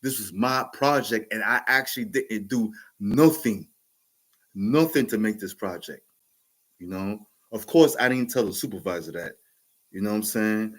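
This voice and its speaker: Speaking on the low side with a slightly bright tone, this man in his forties moves at a moderate pace as he tells a podcast story. His New York accent colors a loose, rambling delivery packed with fillers, restarts, and frequent laughter.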